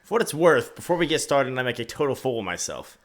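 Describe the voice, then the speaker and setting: A man co-hosting a podcast in casual banter, joking with a deadpan sense of wordplay. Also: medium pitch, fast talker. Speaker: podcast co-host.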